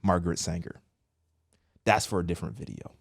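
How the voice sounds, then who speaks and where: A man with a lowish voice delivers an opinion commentary straight to the listener, slangy and blunt. He jumps from loud, high-pitched outbursts down to quiet muttered asides. The sound is close and dry, with no room around it. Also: brisk, creaky, breathy edge, no room sound. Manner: animated, swings between loud outbursts and low quiet asides; casual slangy address, says bro. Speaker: commentary host.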